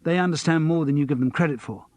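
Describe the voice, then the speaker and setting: A man voicing a touchy male comedy writer who snaps back, quick to take offence. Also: on the high side, darkish tone, pitched above the performer's own voice, lightly acted. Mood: offended. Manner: snappish, offended.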